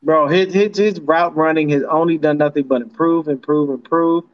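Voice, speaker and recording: A man co-hosting a casual sports podcast chat, animated and profane, with frequent laughter. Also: fairly high pitch, normal speed. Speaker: podcast co-host. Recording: dull lo-fi sound.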